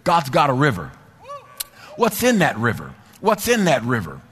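Husky-voiced preacher in an echoing hall. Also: male voice, medium pitch, wildly swooping pitch, moderate pace. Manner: rhythmic repetition, builds to shouting and sing-song cadence. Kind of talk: sermon. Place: church sanctuary.

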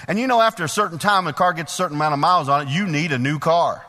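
A middle-aged male preacher giving a sermon in a church, folksy and animated, putting questions to the congregation. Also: sits high, very fast, hardly any pauses. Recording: long hall reverb.

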